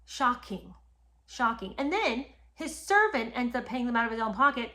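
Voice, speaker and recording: A woman's voice: fairly high pitch, expressive, brisk, pushed and bright. Indignant woman telling royal history. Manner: indignant, talks straight to listeners. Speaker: podcast host. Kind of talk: animated history commentary.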